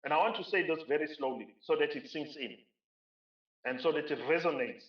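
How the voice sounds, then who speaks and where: South African male keynote speaker, emphatic, pitched a bit high, roomy far-off lo-fi recording. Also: fairly quick. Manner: emphatic, repeats phrases for stress. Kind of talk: conference keynote speech. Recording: roomy, distant, dull lo-fi sound.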